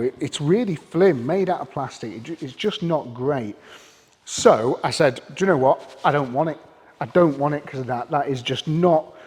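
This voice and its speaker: A British man with a slightly husky voice gives a casual, candid car review. He talks in a chatty, unpolished way and restarts sentences mid-thought. His voice trails off into a long reverb. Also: mid-range voice, darkish tone. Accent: British English. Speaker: car vlogger.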